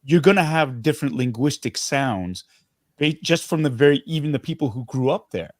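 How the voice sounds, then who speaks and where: This guest actor, a middle-aged man from Canada, talks in a relaxed interview with an earnest, lively manner and keeps starting his sentences over. The studio-quality recording has no room sound and captures his mid-range voice at an ordinary pace.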